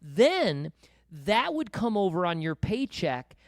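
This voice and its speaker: A man's voice: sits high, very animated, slow pace, dry recording, clean studio sound. A middle-aged man hosting a financial podcast, talking casually and summarizing points with personal stories. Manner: conversational, anecdotal, interjecting to summarize. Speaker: podcast host. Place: podcast studio.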